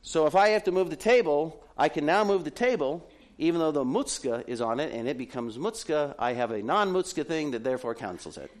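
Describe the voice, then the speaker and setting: A man's voice: on the high side, brisk. A middle-aged man preaching a sermon to a congregation, telling stories with humorous asides. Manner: animated storytelling with humorous asides. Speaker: pastor.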